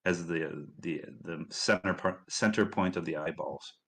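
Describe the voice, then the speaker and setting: A man's voice: low-pitched, a little slow, a bit bright, a little hiss or hum, poor audio. Upbeat Midwestern man hosting a stream. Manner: upbeat, rambling with fillers and restarts. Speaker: stream host. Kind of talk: casual livestream commentary.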